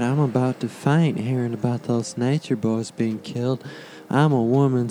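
A man's voice: mid-range voice, warm tone, lightly acted. A man playing an outrageous, lustful woman, rambling breathlessly. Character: lustful over-the-top woman, Samantha Matthews.

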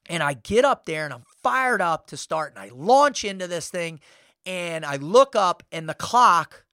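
Bright-voiced man telling a story. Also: a little high, no echo, studio quality. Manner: animated, acts out his own inner voice and quotes. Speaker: podcast guest, motivational speaker. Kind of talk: casual storytelling.

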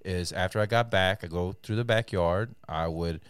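A man on a podcast as a stand-up comedian, telling animated stories and slipping into voices for the people in them. His voice is lowish and smooth. The recording is dry and close. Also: moderate pace, no echo. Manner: animated storytelling, acts out voices. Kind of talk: casual chat.

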